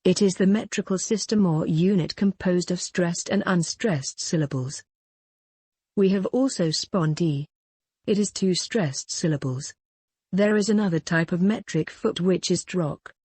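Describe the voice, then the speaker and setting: Literature teacher, lecture delivery, husky tone, dry close sound. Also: medium pitch, unhurried, a little mellow, dry recording. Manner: reads definitions, then restates them in plain words. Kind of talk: recorded lecture reading and explaining definitions.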